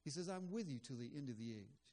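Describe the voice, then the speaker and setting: A man's voice: mid-range voice, animated, fast talker, dark tone. Male pastor, mid-range voice, earnest conversational sermon delivery. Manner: conversational, earnest, with frequent fillers.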